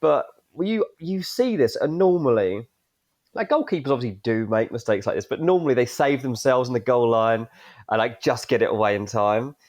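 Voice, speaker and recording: A man co-hosting a sports podcast, excitably walking through a blunder, his voice jumping up as he describes it. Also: mid-range voice, normal speed. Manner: excitable, voice jumps up while describing. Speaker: podcast co-host. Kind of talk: animated clip breakdown.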